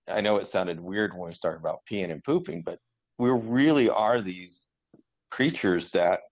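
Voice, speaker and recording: A man with a very low voice chatting casually and thoughtfully, drifting through his points with ums and restarts. The recording sounds dull and lo-fi, as if the highs were cut off. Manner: reflective, rambling with fillers. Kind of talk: casual chat.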